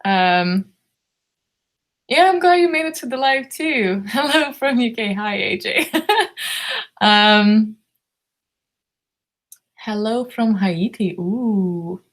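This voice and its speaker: A hoarse woman from Lithuania hosts a book club live stream, her voice worn thin. She talks at an unhurried pace in middle pitch, rambling and giggling as she greets viewers one by one. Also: animated. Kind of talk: live-stream chat, reading viewer comments.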